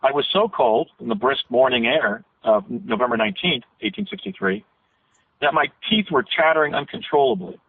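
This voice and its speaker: A man's voice: a little high, very animated, moderate pace, gravelly, a little hiss or hum. A man guest on a radio interview, telling long rambling recollections with frequent restarts. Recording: tinny phone line.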